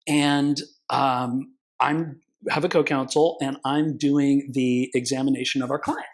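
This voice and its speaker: A man's voice: mid-range voice, steady tone, a little slow, low-quality recording. A man, a consumer protection attorney, telling stories casually in an interview, acting out quoted voices and swearing now and then. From California.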